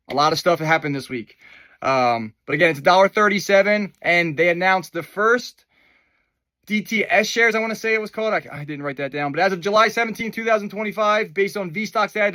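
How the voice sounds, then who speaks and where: Bright, high-voiced chatty man. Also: no echo. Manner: chatty, enthusiastic, with fillers and asides. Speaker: host of a crypto news video. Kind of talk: casual news commentary.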